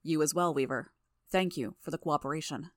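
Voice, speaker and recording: A woman voicing a calm, formal male hero who calls himself a madman, speaking in a measured, polite way. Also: sits low, no echo, clean studio sound, lightly acted.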